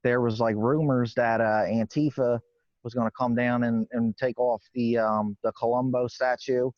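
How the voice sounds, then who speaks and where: A man's voice: medium pitch, fairly even intonation, moderate pace, dry recording, close to an everyday voice. A man playing a nervous, rambling working-class guy, stammering and swearing casually in a comedy interview. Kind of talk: improvised comedy character interview. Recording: dull lo-fi dry sound.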